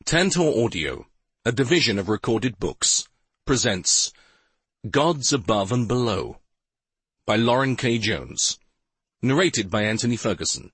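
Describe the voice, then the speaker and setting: A man narrating an audiobook in an expressive, dramatic storytelling manner, close to the microphone. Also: medium pitch, unhurried, long pauses, slightly rough, no room sound. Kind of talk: scripted narration. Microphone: close studio mic.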